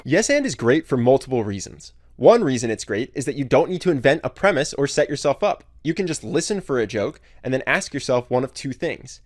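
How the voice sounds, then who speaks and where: A man giving scripted narration, clear and explanatory. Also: mid-range voice, big pitch swings, fairly quick, hardly any pauses, no echo, clean studio sound.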